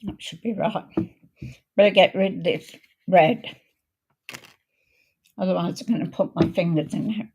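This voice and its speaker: A woman hosting a card-making video, chatting in a homely way while she works, her voice a little croaky. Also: lowish voice, darkish tone. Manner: chatty, homely, unhurried, talks while working. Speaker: craft video host. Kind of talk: casual crafting demo chat.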